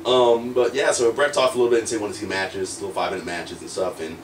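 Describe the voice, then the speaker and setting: An American man, a young adult pro wrestler, telling candid stories in an interview, animated, laughing often and restarting his sentences. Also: fairly low pitch, fast talker, a little hiss or hum. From United States. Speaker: professional wrestler, guest. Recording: roomy echo, mic at a distance, faint ambience.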